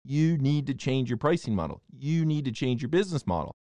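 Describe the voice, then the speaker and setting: A man from the United States debating on a casual talk show, animated and emphatic, often restarting his words. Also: mid-range voice, brisk, no echo.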